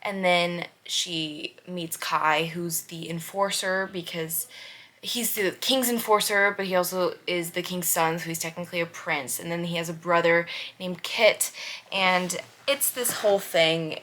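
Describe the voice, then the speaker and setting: A woman's voice: on the low side, steady tone, measured pace, fairly bright tone. A young woman vlogger gushing about her favorite books in casual chat, often repeating phrases for emphasis. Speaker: book vlogger. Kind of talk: casual book review chat.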